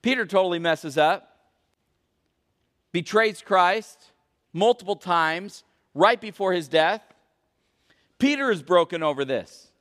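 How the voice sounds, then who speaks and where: A man preaching a sermon as pastor, questioning the congregation and swinging between loud emphasis and hushed intensity. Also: high-pitched, expressive, takes it slowly, long pauses. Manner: questions the congregation and calls for answers. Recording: long reverb of a large hall.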